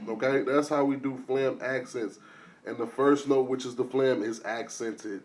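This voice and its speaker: A man teaching drum rudiments in a casual lesson, explaining step by step and counting the strokes out loud. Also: medium pitch, steady tone, normal speed, over loud music. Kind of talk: casual instructional talk.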